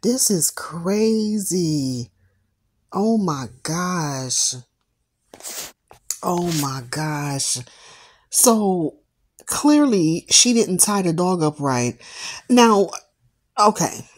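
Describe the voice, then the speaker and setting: Woman host reacting to a story, fairly low voice, emphatic and opinionated. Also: lively intonation, drawn-out words, pauses often. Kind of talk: reaction commentary.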